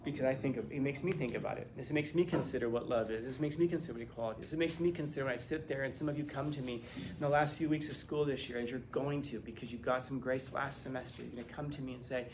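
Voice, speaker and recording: A male teacher gives a philosophy lecture in class, animated and conversational, firing rhetorical questions at his students. His mid-range voice moves fast with few pauses against a noisy background.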